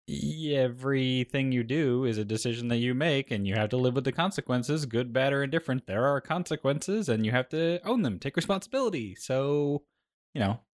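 Male co-host, casual film talk, mid-pitched, acts out quotes. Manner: chatty, acts out scenes in quoted voices. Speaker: podcast co-host. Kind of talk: casual movie-review chat.

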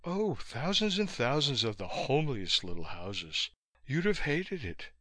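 A man's voice: medium pitch, very animated, unhurried, sharp tone, no room sound, exaggerated voice. A man voicing a chatty, gushing former musical-comedy actress who calls everyone dear.

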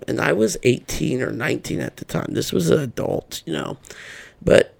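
Man, middle-aged, very gravelly voice, podcast guest, earnest storytelling, average pitch. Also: moderate pace, mellow. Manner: earnest storyteller, acting out quotes. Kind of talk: personal story in a podcast chat.

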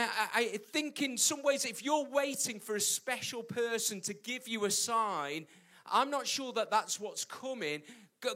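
A man's voice: extremely high pitch, a bit bright. A British man preaching a sermon, emphatic and repeating his key points, with jokey asides. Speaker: pastor.

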